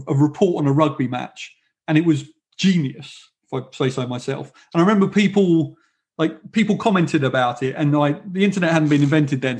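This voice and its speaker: A man hosting a casual podcast interview, his voice slightly high and husky. He rambles and corrects himself mid-sentence as he tells a story and then leads into a question. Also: a little mellow. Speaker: podcast host.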